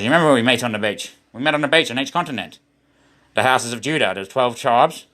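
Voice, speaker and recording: A man's voice: mid-range voice, fast talker, sharp tone. A man with an Australian accent rambling in a preachy monologue, often calling his viewers "guys" as he talks.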